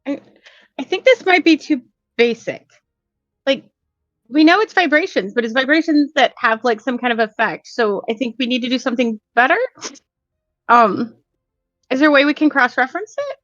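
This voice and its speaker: A woman playing in a tabletop game, chatty and rambling as she talks through her character's search. Her voice sits fairly high on a slightly dull, lo-fi recording that sounds dry and close. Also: animated, normal speed, long pauses, a bit bright, no echo. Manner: chatty, rambling, with many fillers. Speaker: player. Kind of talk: casual tabletop play.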